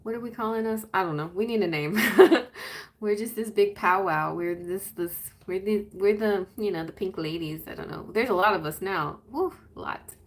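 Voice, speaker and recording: A woman's voice: medium pitch, normal speed. Woman, tarot reader hosting a live stream, casual and rambling, laughs a lot, playful sing-song asides.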